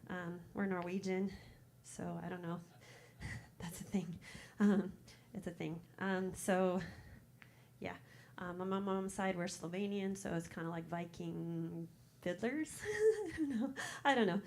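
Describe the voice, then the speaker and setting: A woman's voice: fairly low pitch, level tone, a little slow, creaky, a little mellow, slight background noise. Chatty Minnesotan woman in her fifties. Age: 50s. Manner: nervous, chatty, rambling with fillers and laughs. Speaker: open mic performer. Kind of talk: casual chat before a poem. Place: coffee shop stage.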